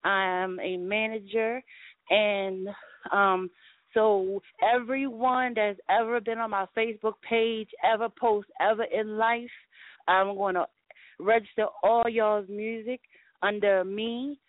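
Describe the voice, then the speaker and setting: A woman co-hosting a call-in show, talking in a rambling, excited way with frequent laughs. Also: medium pitch, slow, no room sound. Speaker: radio show co-host. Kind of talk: casual call-in chat. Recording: tinny phone-line audio, dry.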